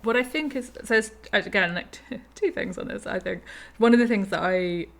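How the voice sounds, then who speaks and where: Woman hosting a podcast, chatty, laughs a lot, gravelly voice. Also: mid-range voice, moderate pace. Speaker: host. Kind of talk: casual podcast conversation.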